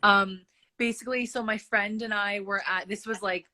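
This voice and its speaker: A woman's voice: mid-range voice, steady tone, normal speed, sharp tone. A woman in her twenties from Canada, co-hosting a casual podcast chat and telling a story through frequent laughter. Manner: giggly, storytelling, laughs often. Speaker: podcast co-host.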